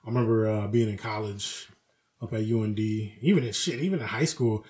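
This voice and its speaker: A man co-hosting a podcast, telling animated work stories in casual, profane chat and acting out his coworkers' lines. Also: lowish voice, a little fast. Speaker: podcast co-host.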